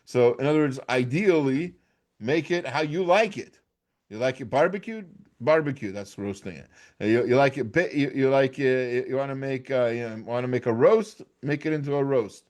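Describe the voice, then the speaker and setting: A man's voice: mid-range voice, normal speed, a little mellow. An American man giving an informal Torah class, talking conversationally with frequent restarts and "right?" checks. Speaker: class teacher.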